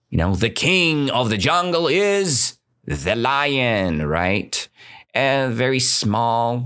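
A man teaching English to learners, reading a fable aloud and then explaining it slowly and deliberately, often checking in with "right?". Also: medium pitch, fairly bright tone.

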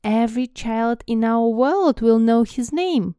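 A woman's voice: mid-range voice, slow, mellow, no room sound, studio quality, natural voice. A woman reading aloud as an agitated older woman professor, protesting with emphasis.

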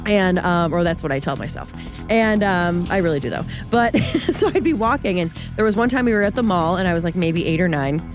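A woman co-hosting a political podcast, playful and jokey, chatting casually and telling quick personal stories. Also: on the low side, animated, over music. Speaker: podcast co-host, journalist. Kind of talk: casual banter and storytelling.

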